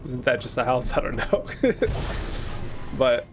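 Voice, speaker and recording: A man's voice: medium pitch, little pitch movement, brisk. A man casually commentating a video game playthrough, musing and joking at himself. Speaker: gaming YouTuber. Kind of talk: let's play commentary.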